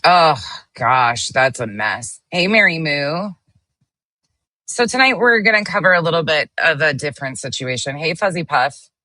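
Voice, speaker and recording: Low-pitched, bright-voiced woman streamer. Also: big pitch swings, moderate pace, dry recording. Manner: greets viewers by name while reading chat, blunt and sometimes swearing. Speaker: livestream host. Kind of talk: casual livestream chat.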